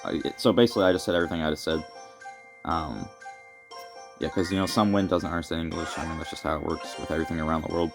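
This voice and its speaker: A man's voice: a bass voice, steady tone, fast. Rambling young man ranting. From Canada. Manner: rambling, filler-heavy, mock-serious. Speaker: vlogger. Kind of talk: comedic rant addressed to the wind. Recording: music playing under the voice.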